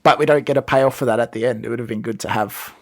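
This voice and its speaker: A man, co-hosting a podcast in casual chat, giving measured, reflective commentary. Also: medium pitch, dry recording, clean studio sound. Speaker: podcast co-host.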